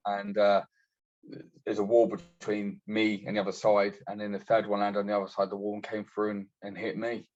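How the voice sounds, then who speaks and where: A lower-voiced British man recounting his army days as a podcast guest, blunt and full of swearing. He slips into quoting other people as he goes. The sound is dull and lo-fi. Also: completely flat delivery, brisk, darkish tone. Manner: blunt, sweary storyteller acting out quotes. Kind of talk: casual war story telling.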